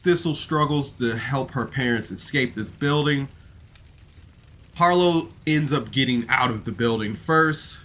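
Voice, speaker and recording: A man's voice: mid-range voice, a little slow, bright, forceful tone. A man giving a casual, rambling review of a podcast episode on camera, emotional and full of fillers. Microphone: camera mic, seated on camera.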